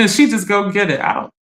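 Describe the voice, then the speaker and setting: A middle-aged woman, chatting on a livestream and reading viewer comments, laughing and teasing. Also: mid-range voice. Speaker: livestream host.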